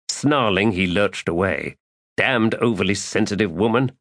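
A man narrating a fantasy audiobook in a measured storytelling voice. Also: on the low side, fairly bright tone, dry recording, studio quality.

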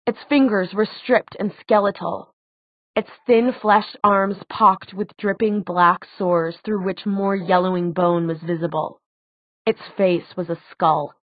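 A woman narrating a fantasy audiobook in a measured, dramatic way. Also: medium pitch, no room sound. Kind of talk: scripted narration. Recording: tinny phone-like dry sound.

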